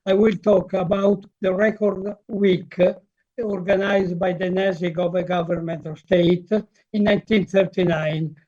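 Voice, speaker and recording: An older man with a heavy Italian accent, giving a lecture over slides on a video call, halting and full of fillers. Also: high voice, flat delivery, mellow. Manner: halting, with frequent fillers and restarts. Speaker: guest presenter, motor historian. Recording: muffled video call audio.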